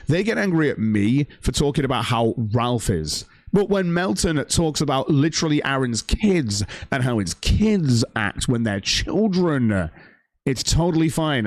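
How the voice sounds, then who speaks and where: A man's voice: mid-range voice, expressive, moderate pace, no echo, clean studio sound. Profane, heated male stream host. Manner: reads out viewer donations. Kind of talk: ranting livestream commentary.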